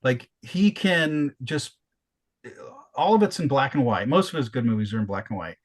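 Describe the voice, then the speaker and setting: Man, podcast co-host, casual chat, animated storytelling, restarts and cursing. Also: mid-range voice, moderate pace.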